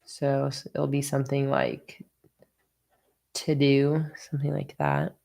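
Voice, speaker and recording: A woman's voice: extremely low pitch, completely flat delivery, takes it slowly, creaky, a little mellow. A sleepy, yawning woman hosting a casual planning livestream, chatting with viewers as she thinks aloud. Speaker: bullet journal livestream host. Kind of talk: casual livestream chat while crafting.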